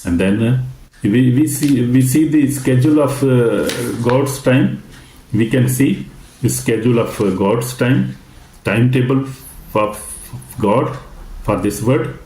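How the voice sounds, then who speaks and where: A man preaching a sermon as a pastor, slow and halting, with frequent fillers and restarts. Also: medium pitch, mellow, reverberant, a little hiss or hum, poor audio.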